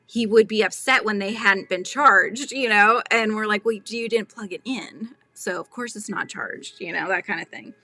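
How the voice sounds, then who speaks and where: A bright, clear-voiced woman in her thirties hosts a relaxed crochet livestream from home. She chats easily with viewers, laughs often and drifts from story to story. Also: medium pitch. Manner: chatty, laughs often, talks to live chat. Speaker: crochet channel host. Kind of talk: casual livestream chat while crocheting.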